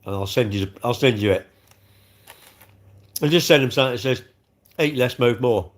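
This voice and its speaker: A man's voice: mid-range voice, moderate pace. Chatty man rambling on a livestream. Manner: chatty, rambling, jokey, chuckling. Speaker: livestream host. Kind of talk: casual live chat eating cake.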